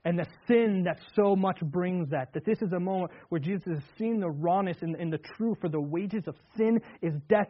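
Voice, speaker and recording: A man preaching an earnest sermon in a slightly high voice, leaning hard on key words and then sinking into hushed, quiet tones. The sound is thin and tinny, like a phone-line radio broadcast. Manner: earnest, repetitive restarts, swings between loud emphasis and hushed tones. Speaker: pastor.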